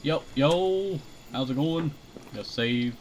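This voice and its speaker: A man's voice: on the high side, lively intonation, slow pace, a little hiss or hum, poor audio. Laid-back young man rambling over gameplay. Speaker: streamer playing a shooter game. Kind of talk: casual gaming commentary.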